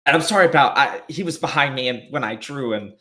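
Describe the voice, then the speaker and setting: A player voicing a shy young male elf hero who stammers and speaks softly. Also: very deep voice, lively intonation, quick pace. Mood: apologetic. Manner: hesitant, stammering.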